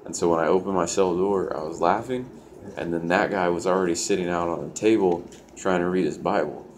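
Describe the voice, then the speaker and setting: Deep-voiced young man telling a story. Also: a little fast, a little hiss or hum. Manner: loose, profane, full of "like" fillers. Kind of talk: casual storytelling.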